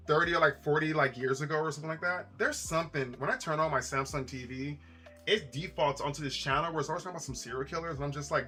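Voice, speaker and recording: A man's voice: on the high side, pushed and bright. A man chatting casually on a live stream, rambling with lots of repeats and asides to his chat.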